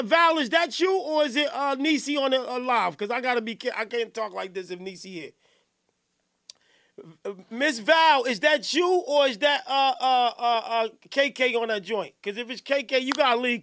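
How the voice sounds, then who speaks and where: Male podcast host, very high and bright voice, rowdy, laughs and shouts a lot. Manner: excitable, laughs and shouts, keeps saying hold on. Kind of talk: rowdy live podcast chat.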